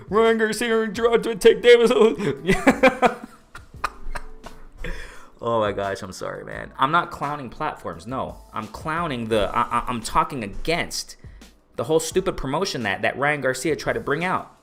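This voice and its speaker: A man talks over a casual live stream, ranting with a lively voice that jumps up and down in pitch. He hammers his points home by repeating whole phrases. Faint music plays in the background. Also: normal speed, gravelly. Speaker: boxing live-stream host.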